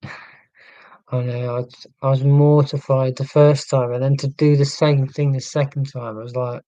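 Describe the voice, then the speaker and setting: Mellow musing man on a live stream. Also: medium pitch, little pitch movement, measured pace, no echo, dull audio. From southern England. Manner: musing, tangential, self-deprecating. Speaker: livestream host reading chat. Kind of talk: casual live chat.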